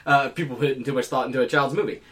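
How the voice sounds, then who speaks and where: A man in casual chat who talks bluntly, swears freely and makes deadpan remarks. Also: medium pitch, rapid-fire. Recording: voice a bit far from the mic.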